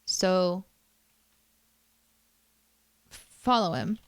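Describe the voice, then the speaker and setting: A woman's voice: medium pitch, animated, normal speed, dry recording. Woman streamer, casual self-deprecating chat, dry close mic. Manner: chatty, self-deprecating, reads chat aloud.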